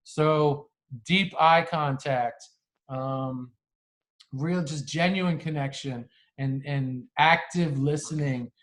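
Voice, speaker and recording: A man's voice: a little high, takes it slowly, a bit bright. A man co-hosting a podcast, talking earnestly in casual chat and often restarting his sentences. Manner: earnest, frequent restarts and laughs. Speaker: podcast co-host.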